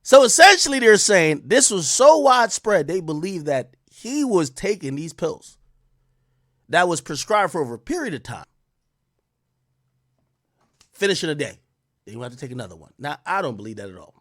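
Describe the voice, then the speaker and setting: Male streamer, mocking rant, bright and tense voice, very lively delivery. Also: fairly high pitch, normal speed, long pauses, no echo, clean studio sound. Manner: sarcastic, mocking, swings between loud outbursts and muttered asides. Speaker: streamer and commentator. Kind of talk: animated live-stream commentary.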